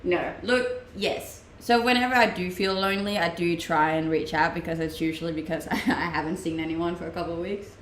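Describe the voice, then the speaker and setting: A woman's voice: fairly low pitch, fairly even intonation, brisk, few pauses, slight background noise. A young woman from Denmark with a Danish accent, chatting casually on a live stream and answering viewers' questions, laughing often. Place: room at home, streaming. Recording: roomy home-mic sound.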